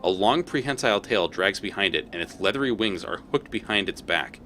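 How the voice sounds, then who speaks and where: A man's voice: on the low side, animated, a little fast, bright, forceful tone, a little hiss or hum. A man streaming a game live, reading its text aloud and reacting with exclamations.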